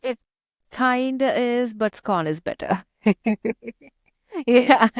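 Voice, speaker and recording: A woman's voice: a little high, takes it slowly, no echo, studio quality. A young woman from India with an Indian accent, chatting as an interview guest, laughing often and using many fillers. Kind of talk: casual interview chat.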